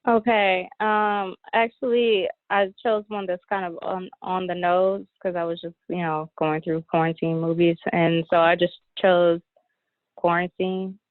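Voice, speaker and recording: A woman calling in as a podcast guest, talking casually in an easygoing, halting way with many fillers. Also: on the low side, flat delivery, no echo. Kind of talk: casual chat. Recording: tinny phone-line call.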